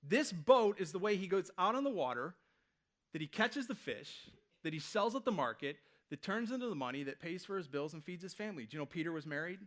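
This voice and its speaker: A male pastor in his thirties delivers a sermon from a church stage, chatting with the congregation and throwing them rhetorical questions. His voice sits a little higher than most men's. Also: fairly quick. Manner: conversational, animated preaching with rhetorical questions.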